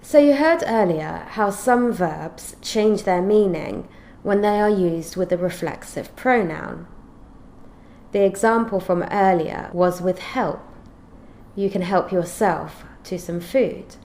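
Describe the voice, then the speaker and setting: A woman teaching an English grammar lesson, explaining clearly and reading out example sentences in a measured way. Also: medium pitch, a little mellow.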